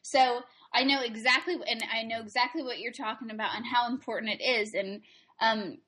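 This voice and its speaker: A woman hosts a casual interview in a slightly high voice. She listens attentively, murmurs agreement, and asks her questions in an easy, conversational way. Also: steady tone, fairly quick, sharp tone. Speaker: host.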